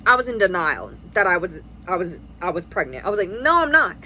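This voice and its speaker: A woman's voice: on the low side, expressive, fast talker, pushed and bright, a little hiss or hum, poor audio. A young American woman in her twenties, a family vlogger, rambling through a casual storytime and acting out quoted dialogue. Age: 20s.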